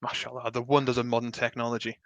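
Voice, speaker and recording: A man's voice: medium pitch, completely flat delivery, fast talker, no echo. A young man from the north of England hosting a casual livestream chat, upbeat and jokey. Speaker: event host.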